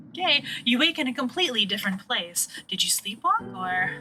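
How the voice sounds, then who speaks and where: A woman's voice: fairly high pitch, very animated, fairly quick, hardly any pauses, over music, low-quality recording. A woman streaming a horror game, reading its narration aloud and tossing in irreverent, profane jokes between the lines. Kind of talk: live game playthrough with read-aloud narration.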